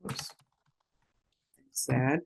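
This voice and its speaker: Slow patient woman teaching pronunciation. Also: noisy background. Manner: slow, patient, repeats words for learners to echo. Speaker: language teacher. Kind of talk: recorded language lesson.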